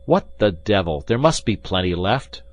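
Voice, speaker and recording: A man doing a loud, commanding young swordsman. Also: low-pitched, very animated, normal speed. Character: bold young male swordsman, quick-witted, commanding.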